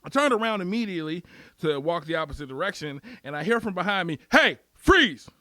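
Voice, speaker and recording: Young male storyteller, deadpan and profane, bright tone, dry close recording. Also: a little high, fast talker, no room sound. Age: young adult. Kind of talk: first-person comic storytelling.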